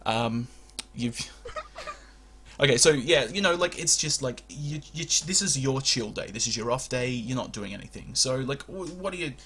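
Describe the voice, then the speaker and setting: A man's voice: medium pitch, animated, normal speed, fairly bright tone, breathy edge. A man hosting a comedy podcast, joking and laughing often as he chats. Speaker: podcast host. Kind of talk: casual comedy podcast chat.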